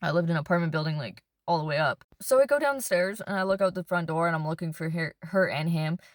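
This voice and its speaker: A woman's voice: lowish voice, fast, no echo, clean studio sound. A woman vlogger telling a casual storytime in a car, chatty and peppered with "like.". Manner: chatty, fills speech with "like". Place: inside a car.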